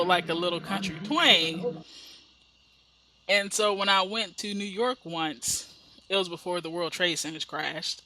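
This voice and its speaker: A woman's voice: mid-range voice, pushed and bright, poor audio. A woman from the Midwest chatting in a rambling way while she narrates her life-sim gameplay, acting out the people in her stories. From American Midwest. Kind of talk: casual chat while playing a life-sim game.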